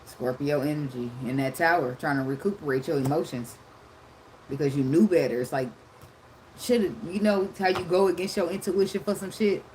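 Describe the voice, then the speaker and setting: A woman in her thirties giving a casual tarot reading, talking loudly and profanely with lots of laughter. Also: deep voice, moderate pace, slight background noise, rough recording. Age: 30s. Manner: loud, profane, laughing storyteller. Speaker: tarot reader.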